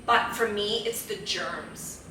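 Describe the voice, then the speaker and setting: A woman's voice: mid-range voice, takes it slowly, bright, forceful tone, distant mic, slight background noise. A young adult woman co-hosting a podcast in casual chat, giggly and full of "like" fillers, recorded with poor, echoey sound. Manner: giggly, uses lots of "like" fillers. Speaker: podcast co-host.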